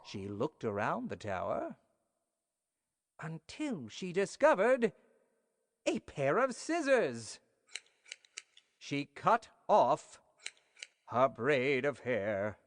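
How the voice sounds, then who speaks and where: Playful bedtime story reader, swoops up and down, slow and easy. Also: medium pitch, wildly swooping pitch. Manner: playful, addresses listeners directly. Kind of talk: reading a bedtime story to children. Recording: long hall reverb.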